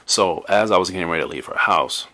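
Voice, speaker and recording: A man's voice: low-pitched, expressive, quick pace, pushed and bright. A man hosting a podcast, telling a personal story in a rambling, conversational way full of restarts. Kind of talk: casual storytelling monologue.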